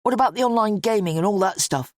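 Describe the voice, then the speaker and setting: A woman's voice: medium pitch, fast talker, dry recording, clean studio sound, voice pushed up, natural voice. A woman voicing an earnest, uneasy young man who speaks hesitantly.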